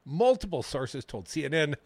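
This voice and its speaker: Wisecracking talk radio host, lively voice. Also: male voice, fairly high pitch, normal speed, husky, no echo. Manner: wisecracking, reads news items aloud with sarcastic asides. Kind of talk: political talk radio banter. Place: radio studio. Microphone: studio microphone.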